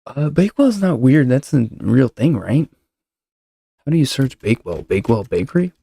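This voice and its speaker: Gravelly-voiced man rambling casually. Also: mid-range voice, sing-song, normal speed, dark tone, dry recording. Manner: rambling, joking, talks over himself. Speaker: show host. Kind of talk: casual solo podcast chat. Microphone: desk mic with noise suppressor.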